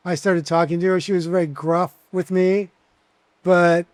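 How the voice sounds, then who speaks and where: A man around sixty, a bartender guest telling animated stories in a casual interview, with plenty of fillers. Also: sits high, normal speed, dry recording. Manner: chatty, animated anecdotes with many fillers.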